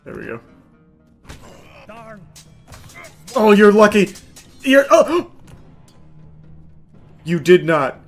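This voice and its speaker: A man streaming a game, shouting, swearing and laughing in bursts between dry asides. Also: high voice, big pitch swings, drawn-out words, long pauses, soft background music. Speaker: gaming streamer. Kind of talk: live gameplay commentary.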